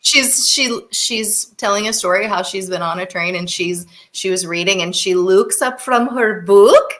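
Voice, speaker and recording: A woman's voice: mid-range voice, a little slow, fairly bright tone, a little hiss or hum. A woman who acts in a stage play, chatting in an interview with enthusiasm and frequent giggles. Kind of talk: casual interview chat.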